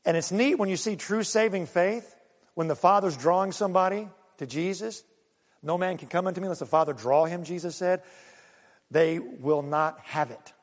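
A male pastor preaching a sermon, swinging between loud calls and quiet low asides. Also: moderate pace, big-room sound.

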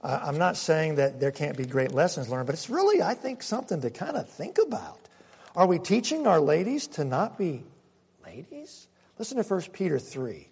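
A man preaches with a high, ringing voice. He leans on single words, pauses for effect and drops to a near murmur before building again. The long echo of a church hall trails after every phrase. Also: big pitch swings, breathy edge. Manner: emphatic preaching with dramatic pauses, swinging from loud to hushed. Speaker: pastor. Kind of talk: sermon.

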